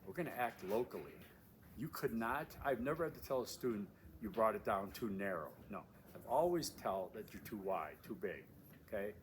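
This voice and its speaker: A man's voice: on the low side, expressive, moderate pace. A man, a course instructor, introducing his class in a casual recorded video from a windy outdoor overlook. He talks emphatically, repeats his key phrases and uses many fillers. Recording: wind noise outdoors. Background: wind.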